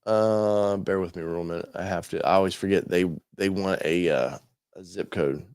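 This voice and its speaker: Guy hosting a truck channel, lowish voice, rambling along with lots of ums, dry sound. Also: steady tone, moderate pace, a little mellow, clear, resonant tone, dry recording. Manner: rambling, thinking aloud with many fillers and restarts. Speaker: automotive channel host. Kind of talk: casual talk while browsing a website.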